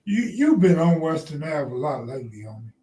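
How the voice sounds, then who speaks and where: A man's voice: a little high, big pitch swings, fairly quick, mellow, reverberant, distant mic. A man hosting a casual live stream, joking loosely with his chat and laughing often. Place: outdoors near the ocean.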